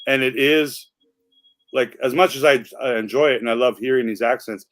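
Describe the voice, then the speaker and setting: A man's voice: medium pitch, normal speed, fairly bright tone, no echo. A man co-hosting a livestream, talking casually and rambling with lots of "like" and restarts. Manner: rambling, chatty, full of "like". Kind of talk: casual chat.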